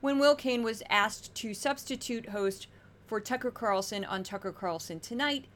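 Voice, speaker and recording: A woman hosting a podcast, giving chatty, wry commentary on news clips with animated asides. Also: a little high, normal speed. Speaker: podcast host. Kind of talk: casual commentary.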